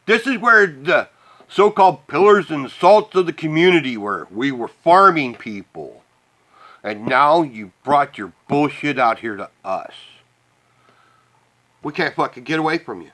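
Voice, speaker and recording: Man, angry profane rant, bitter laughs, somewhat high voice. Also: expressive, unhurried, sharp tone. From Midwest United States. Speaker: vlogger. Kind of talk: angry ranting monologue.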